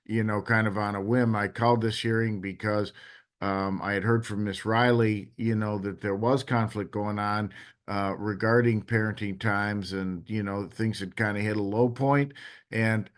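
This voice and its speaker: Halting judge, smooth low voice. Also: male voice, steady tone. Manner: halting, full of "uh" and "you know". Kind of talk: court proceedings.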